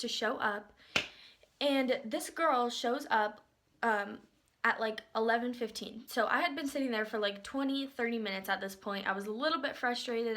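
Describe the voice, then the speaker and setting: A young woman in her late teens chatting through a storytime vlog, filling her talk with "like" and acting out what others said. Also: fairly bright tone. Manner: chatty, lots of filler "like"; acts out other people's lines with big pitch jumps. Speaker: vlogger.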